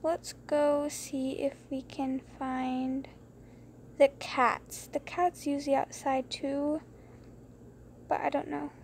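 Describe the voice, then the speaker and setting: A young woman chatting through a mouse game late at night, rambling and giggly, keeping her voice low so others can sleep. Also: flat delivery, slow, a little hiss or hum. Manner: rambling, giggly, hushed to keep quiet. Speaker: gameplay streamer. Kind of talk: casual gameplay commentary. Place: bedroom at home late at night. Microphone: phone screen recorder.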